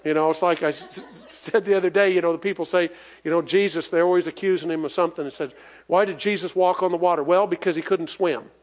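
High-voiced folksy male preacher. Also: steady tone, fast. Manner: folksy, emphatic, with call-and-response and chuckles. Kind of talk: sermon.

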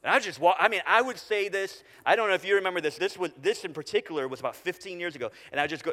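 A middle-aged man preaching a sermon as pastor, conversational with halting restarts, dropping to quiet repeated phrases. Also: fairly high pitch, expressive. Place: church sanctuary. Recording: long reverb of a large hall.

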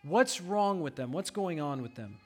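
A man's voice: on the high side, expressive, normal speed. A pastor preaching a sermon, reading scripture aloud and asking his congregation rhetorical questions.

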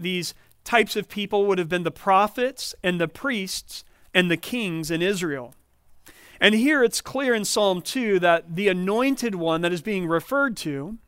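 A man preaching a sermon as a pastor, explaining scripture in a measured, teaching manner. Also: high voice, fairly bright tone, clear, resonant tone, no echo, clean studio sound.

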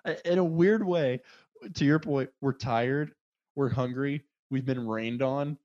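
A man co-hosting a casual chat, telling a road-trip story with lively acted-out quotes. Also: measured pace. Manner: animated, acts out quotes in loud high voices. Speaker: podcast co-host. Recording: dull, dry lo-fi sound.

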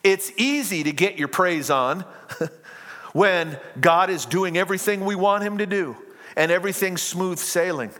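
Guy preaching a sermon, kinda high voice, big echoey hall sound. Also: unhurried. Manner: rising to impassioned crying out, then dropping low and quiet. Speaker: pastor. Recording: long hall reverb.

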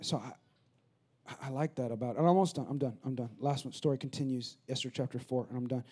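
A man in his thirties, a pastor, preaching a sermon in a conversational way that builds into rapid, repetitive crescendos. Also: mid-range voice, warm tone, husky.

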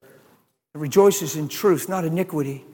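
A man preaching a sermon, animated, with shouted exclamations and laughing asides. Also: on the high side, a little slow, in a large hall.

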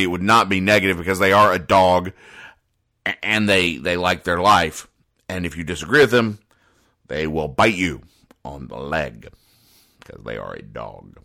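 With a deep voice that sounds pushed and bright, a man reads newspaper comics on his show. He comments casually, hesitating often and slipping in dry, wry remarks.

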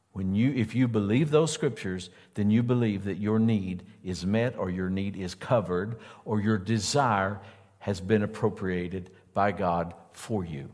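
Man preaching in a reverberant hall. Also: lowish voice. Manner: earnest, builds emphasis by repeating phrases. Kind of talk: sermon.

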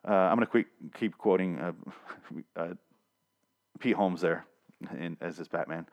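A young man with a lowish voice talks through a comic recap as a show host. He rambles, swears freely and keeps cutting himself off mid-thought. The tone is loose, casual and opinionated. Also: a little slow, darkish tone. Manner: profane, rambling, self-interrupting. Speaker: podcast host.

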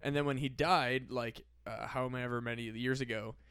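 A man talking on a podcast with a smooth voice that cracks now and then. He rambles in an excitable, profane way through big ideas. The sound is dry and close. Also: mid-range voice, moderate pace, dry recording. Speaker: podcast guest. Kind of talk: casual chat.

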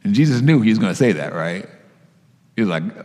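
Animated male preacher in a reverberant hall. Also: lowish voice, fairly quick. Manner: animated storytelling with casual asides. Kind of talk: sermon.

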